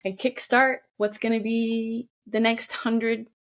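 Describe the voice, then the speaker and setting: A woman's voice: a little high, flat delivery, slow pace. A woman co-hosting a podcast in casual chat, bubbly and chatty, joking at her own expense. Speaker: podcast co-host.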